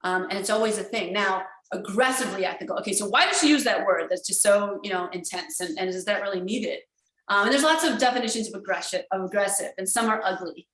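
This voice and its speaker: A woman giving a conference keynote over a video call, talking in an energetic, emphatic way with many fillers and restarts. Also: mid-range voice, fast, echoey room, low-quality recording. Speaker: keynote speaker.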